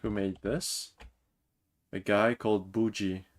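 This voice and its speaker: A Mauritian game streamer in his twenties, a native French speaker, chats casually while reading and answering his chat on a livestream. He records on a desk mic in his Toronto home, his low voice slow and steady.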